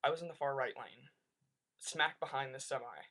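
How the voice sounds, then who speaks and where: A young man telling a rambling story to his webcam, animated and full of "like", in a casual vlog. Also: mid-range voice, moderate pace, gravelly. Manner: rambling, animated rants with lots of "like". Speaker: vlogger.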